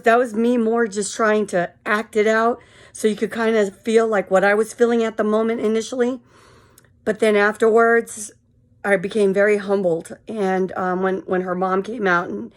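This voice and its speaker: A tired woman in her fifties telling a frank, rambling story straight to camera. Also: mid-range voice. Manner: frank and rambling, full of fillers. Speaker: vlogger. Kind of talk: casual storytelling monologue.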